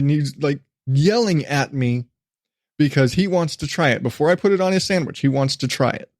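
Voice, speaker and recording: A man in his thirties hosting a casual podcast, telling a story with lots of laughter and casual swearing, and jumping way up in pitch when he quotes his kids. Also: dry recording, studio quality. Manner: animated storytelling, jumps to high-pitched voices when quoting his kids. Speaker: podcast host. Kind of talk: casual solo podcast monologue.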